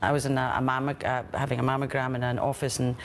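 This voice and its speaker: A woman who was a patient, telling her story in an interview in a chatty, animated way, with many fillers. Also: a bass voice, fast, slight background noise. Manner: chatty and animated, acting out the people she quotes. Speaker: former patient.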